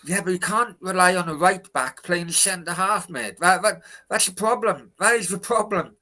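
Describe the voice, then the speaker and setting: A man's voice: high voice, normal speed, hardly any pauses, pushed and bright, poor audio. A man co-hosting a casual football talk show from a hotel room, ranting and swearing about his club's transfers. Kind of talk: casual chat.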